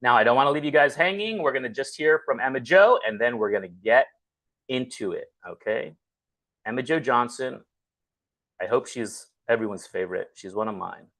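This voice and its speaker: A man hosting a casual livestream talk show, talking in a relaxed, conversational way. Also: medium pitch, moderate pace, low-quality recording. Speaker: host.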